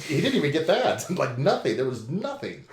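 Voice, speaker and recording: A man's voice: a little high, big pitch swings, normal speed, a little mellow, a little hiss or hum. A man co-hosting a podcast in casual chat, joking, laughing often and putting on mock outrage. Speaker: podcast co-host. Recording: roomy echo.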